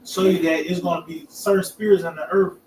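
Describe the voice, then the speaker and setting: A man's voice: sits high, fairly even intonation, a little fast, a little mellow, recorded from a distance, a little hiss or hum. A man in a casual group discussion of scripture, who often ends his phrases with "man". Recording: echoey room, voice from off-mic, faint ambience.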